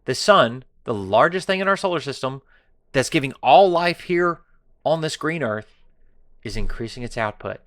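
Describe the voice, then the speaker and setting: In a dry, studio-quality recording, a man hosts a political commentary monologue, mocking and taunting his audience with sarcasm and sometimes whispering for effect. His mid-range voice is expressive and a bit bright, at a moderate pace.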